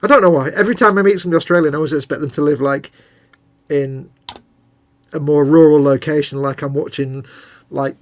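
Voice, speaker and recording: A man's voice: fairly high pitch, fairly even intonation, a little fast. Chatty man building a model. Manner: jokey, rambling, mocking banter. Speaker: co-host of a model-building stream. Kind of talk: casual chat while building a model kit.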